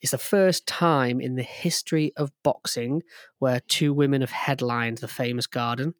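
A man's voice: medium pitch, steady tone, moderate pace, clear, resonant tone, dry recording, studio quality. A man co-hosting a sports podcast, talking enthusiastically in a rambling way, with lots of fillers and restarts. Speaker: podcast co-host. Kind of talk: casual sports chat.

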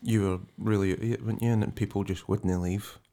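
Low-voiced Glaswegian man, relaxed banter. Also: fast talker, vocal fry. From Scotland. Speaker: podcast co-host. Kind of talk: casual chat.

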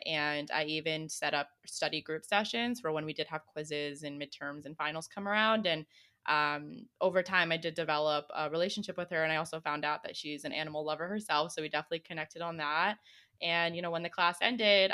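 Chatty young woman, bright voice. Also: sits low, moderate pace, clear, resonant tone. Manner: chatty, many fillers. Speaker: co-host. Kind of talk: casual advice chat.

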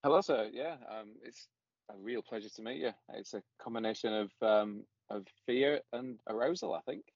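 A man's voice: mid-range voice, normal speed, creaky, dry recording. A man guesting on a comedy podcast, dry and wry. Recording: dry dull lo-fi sound.

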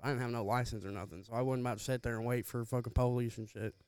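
A man's voice: mid-range voice, fairly even intonation, racing, darkish tone, smooth, no echo. A young man telling a rambling, profane story in casual chat, slangy and loose. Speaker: podcast co-host.

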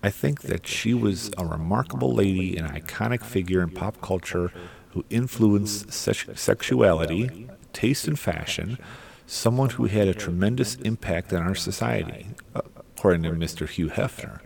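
A man's voice: on the low side, normal speed, creaky, darkish tone, slightly rough. A middle-aged man hosting a podcast, rambling through casual solo commentary with irreverent, crude asides. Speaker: podcast host.

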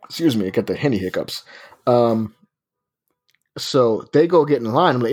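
Man in his thirties, casual chat, profane storyteller, laughs a lot, average pitch. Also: animated, moderate pace, long pauses. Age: 30s. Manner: profane, laughing anecdote telling.

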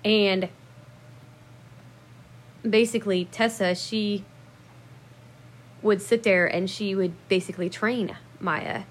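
A woman casually telling memories about her dogs in a rambling, profane way, laughing at herself and jumping up loud when she acts out what people said. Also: mid-range voice. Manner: acts out quoted lines with sudden loud bursts. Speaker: dog owner telling memories. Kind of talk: casual storytelling to camera.

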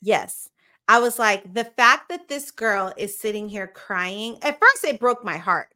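A young woman co-hosting a podcast, recapping a TV show in animated, slangy, gossipy chat. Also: mid-range voice, measured pace. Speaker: podcast co-host. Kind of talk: casual chat.

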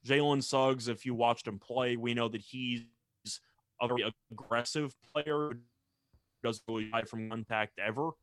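Young man, sports talk co-host, measured analytical delivery, dry close sound. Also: medium pitch, steady tone, fairly bright tone, clear, resonant tone, dry recording. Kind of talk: sports talk show banter.

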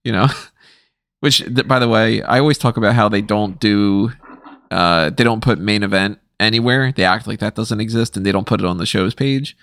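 A man's voice: lowish voice, moderate pace, fairly bright tone, no room sound, studio quality. A man co-hosting a casual wrestling chat, wry and laid-back, laughing often. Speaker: podcast co-host.

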